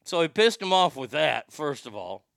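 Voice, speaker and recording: A man's voice: on the high side, very animated, normal speed, creaky, very noisy. A man hosting a show, giving a brash, profane, rambling opinion monologue.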